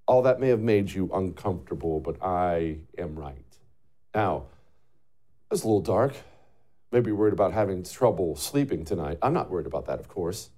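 A man hosting a political talk show, lively and mocking, laughing often. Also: on the low side.

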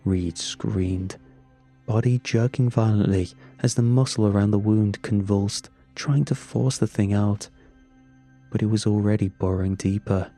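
In a low, dark voice, a man narrates his own horror tale at a slow, measured pace with a grim tone. Faint music runs underneath.

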